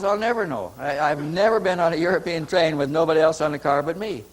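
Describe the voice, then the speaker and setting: Captured in a rough recording, a man whose voice sits on the high side rambles through a long personal story at a conference, restarting sentences and repeating words. It is anecdotal storytelling in a conference hall.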